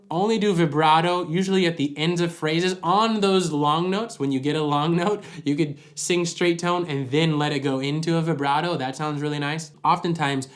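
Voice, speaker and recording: Man coaching singers, slightly high voice. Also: fairly bright tone. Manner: practical, explains by demonstrating. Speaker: vocal coach. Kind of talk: singing lesson to camera. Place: at home with a dog nearby.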